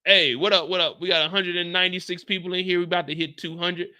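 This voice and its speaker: A man hosting a live reaction stream, recapping a TV show in an animated, profane, ranting way. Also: high voice, fast, smooth.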